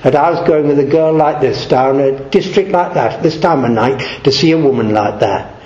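A man's voice: a little high, normal speed, darkish tone, roomy sound, lo-fi sound, close to an everyday voice. A man voicing an English clergyman who tells his own story earnestly in the first person. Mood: brusque. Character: proud English clergyman, middle-aged, later humbled.

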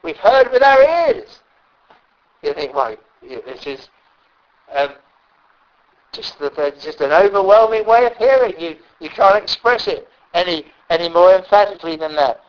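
A man preaching a sermon, often pausing and repeating words as he stresses a point. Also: on the high side, lively intonation. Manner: halting, repeats words, emphatic. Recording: dull lo-fi recording.

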